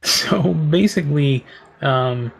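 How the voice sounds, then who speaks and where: A man narrating a tabletop game as game master, halting and full of filler words. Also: a little high, gravelly, a little hiss or hum. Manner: halting, full of ums and likes.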